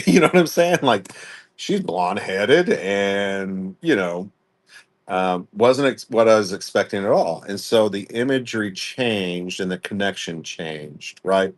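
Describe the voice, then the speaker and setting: A man's voice: on the low side, animated, a little slow. A young adult man hosting a live-stream sale, talking bluntly and casually and laughing often. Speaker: live-stream jewelry seller.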